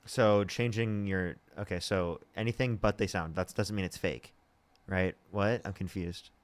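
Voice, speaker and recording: A man's voice: low-pitched, steady tone, unhurried. A young man hosting a live debate stream, arguing and pressing his guest with repeated questions. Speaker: debate show host.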